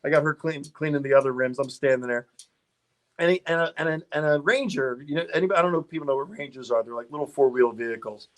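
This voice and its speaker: A man's voice: fairly high pitch, fast talker. Chatty middle-aged man telling stories. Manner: chatty, laughs often, rambling with restarts. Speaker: podcast guest, car YouTuber. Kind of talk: casual interview storytelling.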